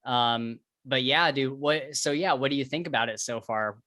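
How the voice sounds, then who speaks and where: A man's voice: mid-range voice, moderate pace, sharp tone, dry recording, clean studio sound. A man co-hosting a podcast, chatting casually and eagerly about books, with plenty of filler words. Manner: chatty, enthusiastic, many fillers. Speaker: podcast co-host. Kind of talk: casual book chat.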